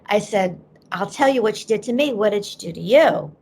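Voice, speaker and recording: Brief: middle-aged woman, medium-pitched and gravelly, an animated podcast guest telling a story. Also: fairly quick. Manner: animated storyteller who acts out quoted voices.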